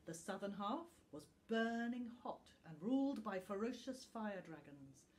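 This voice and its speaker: A woman reads a bedtime story aloud in a calm, gentle voice, letting dramatic pauses hang. Her delivery is slow and unhurried, with an ordinary middle pitch. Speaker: teacher reading a story.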